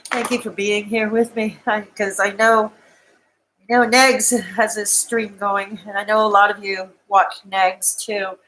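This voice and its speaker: A woman's voice: medium pitch, level tone, unhurried, a bit bright, a little hiss or hum, low-quality recording. A woman on a live stream, crying as she talks to her viewers in a raw, emotional and defensive way. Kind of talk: tearful live-stream monologue.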